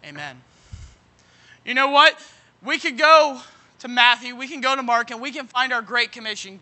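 A man preaching a sermon, leaning on folksy everyday examples and asking "you know what?" again and again, now and then breaking into shouts. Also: very high voice, moderate pace. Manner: bursts into shouting at moments.

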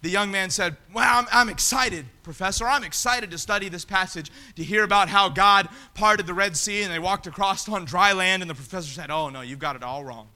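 A high-pitched, piercingly bright man preaching. He reads scripture and then drives his points home, swelling into emphatic shouts. The delivery is that of a fiery sermon. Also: a little fast, hardly any pauses.

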